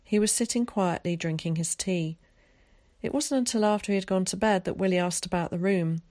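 A woman reading a novel aloud in calm, measured storytelling narration. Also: medium pitch, no room sound, studio quality. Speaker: audiobook narrator. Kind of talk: scripted narration.

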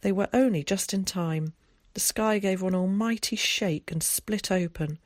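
Reading scripted narration for an audiobook, the narrator keeps a measured, even delivery at a middling pitch. The recording is close and dry, with no echo and no sense of the room.

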